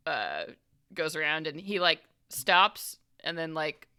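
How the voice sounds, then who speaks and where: Woman, game master, chatty narration, lowish voice, crisp and bright. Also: slow pace. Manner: relaxed, chatty narration with fillers.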